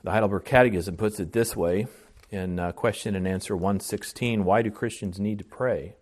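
A man's voice: on the low side, steady tone, normal speed. A man preaching a sermon as pastor, earnest, with restarts and swells of volume on key phrases.

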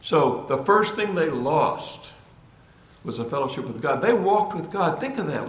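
A man with a slightly high voice, big pitch swings and a measured pace preaches a sermon in an echoey room. His earnest delivery circles through repeated, restarted phrases before building to emphatic points.

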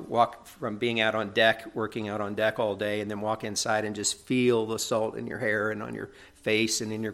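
A middle-aged man preaching a sermon in an earnest, conversational way, often checking in with tag questions. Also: on the low side.

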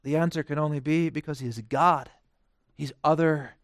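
A male preacher delivering a sermon with a high, smooth, resonant voice. He drops to hushed, quiet phrases, then rises to loud, emphatic declarations. The sound is dry and close, with little room echo. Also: steady tone, moderate pace.

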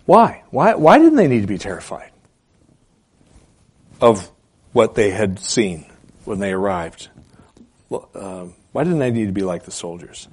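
A man preaching a sermon as pastor, asking rhetorical questions and repeating key phrases for emphasis, swinging between loud and soft delivery. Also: lowish voice, big pitch swings, unhurried, pauses often, breathy edge.

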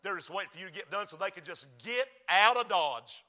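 A preacher voicing a taunting, scornful devil. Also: male voice, high voice, animated, brisk, sharp tone, long reverb tail, full character voice. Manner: mocking, belittling taunts.

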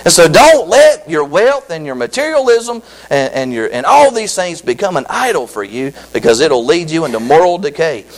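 A man preaching a sermon as pastor, who repeats his phrases for emphasis and slows down when he reads scripture. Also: high voice, poor audio. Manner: slow drawn-out scripture reading.

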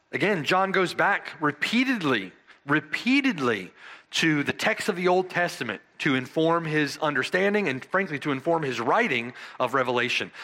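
A man delivering an expository sermon in a bright, forceful voice. His pitch rises and falls widely as he draws out key words for emphasis, then turns to his listeners with rhetorical questions. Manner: emphatic, dramatic slow stresses on key words; asks the congregation rhetorical "right?". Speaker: preacher.

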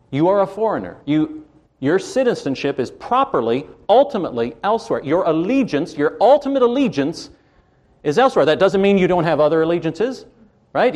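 A man from Canada preaching a sermon from the pulpit, slow and emphatic, with wide swings in pitch and loudness. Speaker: pastor.

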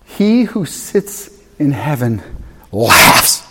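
A man preaching a sermon, emphatic and animated, swinging from loud to soft. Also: high-pitched, measured pace. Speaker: pastor. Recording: long hall reverb.

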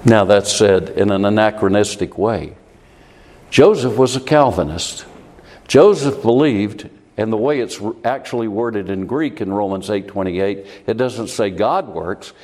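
A man preaching a sermon, retelling scripture with lively swings in pitch and volume and many rhetorical questions. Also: a little slow. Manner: animated, rhetorical questions, shifting loudness. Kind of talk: expository sermon. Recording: long hall reverb.

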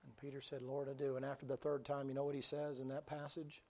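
Folksy gravelly preacher man. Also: medium pitch, completely flat delivery, quick pace. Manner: folksy, humorous, swings loud and quiet. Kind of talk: storytelling sermon.

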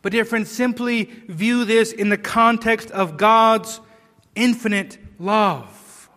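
A man's voice: sits high, steady tone, slow pace, bright, forceful tone, in a large hall. A man preaching a sermon, earnest and emphatic, with rhetorical questions and repeated words.

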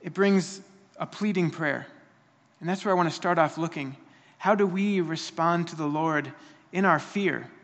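A man's voice: a little high, normal speed, fairly bright tone, in a large hall. A man preaching a sermon, earnest and emphatic, often restarting his phrases.

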